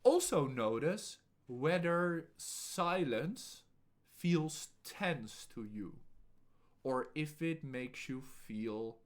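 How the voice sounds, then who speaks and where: Slow, calm male English coach. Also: a little high. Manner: calm, pauses every few words. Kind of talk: slow deliberate teaching.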